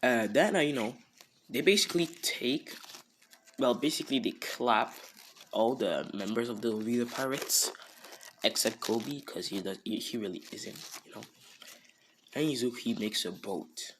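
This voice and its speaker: A man's voice: medium pitch, normal speed, a bit bright, slight background noise. Rambling man telling a fan story. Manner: rambling, filler-heavy. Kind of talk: casual improvised storytelling.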